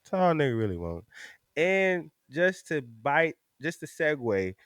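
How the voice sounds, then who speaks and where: A man hosting a podcast in casual chat, ranting in an animated, profane way. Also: on the high side, unhurried, dry recording, clean studio sound. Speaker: podcast host.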